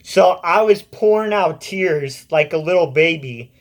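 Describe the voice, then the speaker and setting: A man's voice: fairly high pitch, animated, measured pace. A man in his twenties telling his own story in a casual, blunt way, swearing freely. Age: 20s. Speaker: vlogger.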